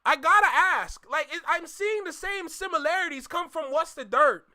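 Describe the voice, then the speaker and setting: Excitable young man, high bright voice. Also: moderate pace, few pauses. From Canada. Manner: animated, exclaiming, addresses chat with slang like bro. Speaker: reaction channel host. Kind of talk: casual live reaction commentary.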